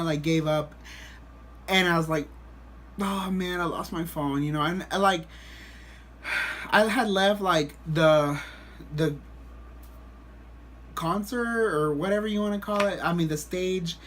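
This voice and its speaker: A man vlogging, telling a story to the camera in a rambling, animated way with lots of restarts. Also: on the high side, a little hiss or hum.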